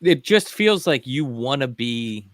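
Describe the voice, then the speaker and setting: A man from Philadelphia talks on a casual sports podcast, halting with "um" and "uh" before he drives his point home. His voice sits at a middle pitch, and the recording is dry and close. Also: lively intonation, a bit bright, no room sound. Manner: hesitant, many fillers, then emphatic. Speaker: podcast co-host.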